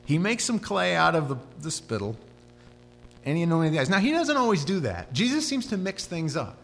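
A man's voice: fairly high pitch, fairly quick, vocal fry. Guy preaching a sermon, storytelling style, echoey church hall. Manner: animated storytelling, voice rising and dropping. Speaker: pastor. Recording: hall reverb with faint hum.

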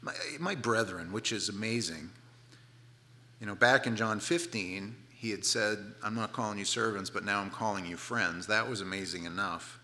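A middle-aged man preaching a sermon, telling the story with playful asides and dropping to soft, hushed tones for tender moments. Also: on the low side, moderate pace. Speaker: pastor.

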